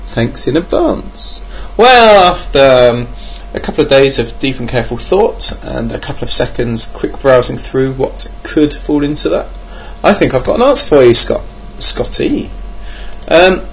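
A man's voice: mid-range voice, big pitch swings, moderate pace, vocal fry, fairly bright tone, slight background noise. A young man hosting a board game podcast alone at his computer, rambling and self-mocking with many ums. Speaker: podcast host. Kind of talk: casual podcast monologue. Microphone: home computer mic.

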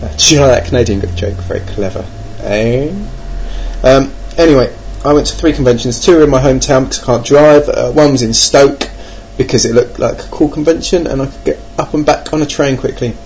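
A board game vlogger from England talks fast in a mid-range, slightly mellow voice, barely pausing. Even so, his rambling monologue about what he plans to play is hesitant and packed with ums, delivered with wry self-mockery. The audio sounds dull and lo-fi, carrying a faint hiss.

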